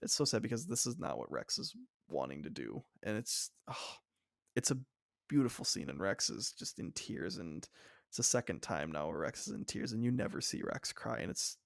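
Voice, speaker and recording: A young man co-hosting a fan podcast, with a low, gravelly voice and a dry, close sound. He rambles eagerly and leans on "like" as he gushes over a story. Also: sing-song, normal speed, no room sound. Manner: enthusiastic, rambling, frequent "like" fillers. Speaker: podcast co-host. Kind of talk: casual fan discussion.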